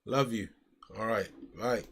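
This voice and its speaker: Slight background noise accompanies a fairly low, fairly bright voice that moves a little slowly. The speaker is an American man live-streaming from home, casually chatting, commentating his card game moves aloud and calling people "mate."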